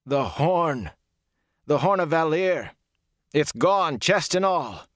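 A man's voice: fairly low pitch, expressive, normal speed, no echo, voice pushed up. Audiobook: stern middle-aged warrior lord voiced by a male narrator, anguished and raised, dry booth sound. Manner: stern, bursts into shouting anguish. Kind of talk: audiobook character voice.

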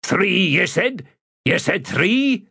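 A man voicing a frightened whiskered tavern keeper who speaks slowly in a rasping rustic dialect. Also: high voice, big pitch swings, sharp tone, voice pushed up, full character voice. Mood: fearful.

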